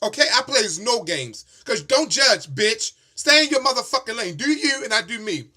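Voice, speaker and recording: A man's voice: extremely high pitch, expressive, normal speed, sharp tone. A man telling a story in a sassy, emphatic rant full of swearing. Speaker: vlogger.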